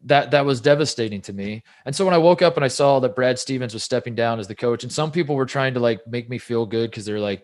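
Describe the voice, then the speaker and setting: A man's voice: medium pitch, quick pace, hardly any pauses. A man co-hosting a sports podcast in casual chat, rambling and self-deprecating, with many restarts. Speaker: podcast co-host.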